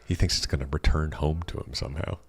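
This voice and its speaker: A man's voice: very deep voice, steady tone, fast talker, gravelly, slightly rough. A man co-hosting a podcast in casual chat, teasing his partner with dry jokes. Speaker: podcast co-host.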